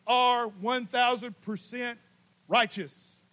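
A high-pitched man preaches a sermon in a folksy, animated way, booming on one line and dropping low on the next. The recording sounds dull and muffled. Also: slow pace. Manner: animated preaching, swings from loud emphatic to quiet asides; folksy, casual Southern US speech. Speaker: pastor.

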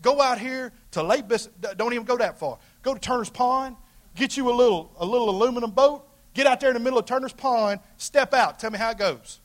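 A man preaching a sermon as pastor in a folksy, colloquial way, swinging between loud emphatic calls and hushed asides. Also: very high voice, fairly quick.

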